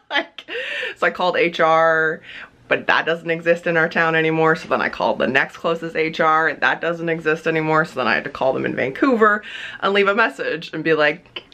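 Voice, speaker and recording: A woman's voice: low-pitched, normal speed, a bit bright. A young woman vlogging casually at home, chatting with lots of fillers and frequent laughs. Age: young adult. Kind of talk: casual home vlog chat. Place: home, indoors.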